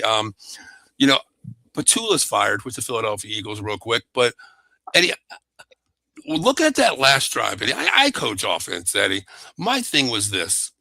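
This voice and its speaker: A man's voice: medium pitch, no room sound, rough recording. Fired-up man ranting about football plays. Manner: fired-up, keeps repeating the co-host's name; rants and shouts in frustration. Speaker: sports podcast co-host. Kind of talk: animated football breakdown.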